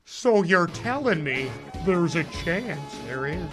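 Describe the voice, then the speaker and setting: Slow, jokey game streamer. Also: male voice, high-pitched, sing-song. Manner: jokey, chuckles often, drops into comic voices. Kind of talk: casual live-stream commentary over gameplay. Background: game music.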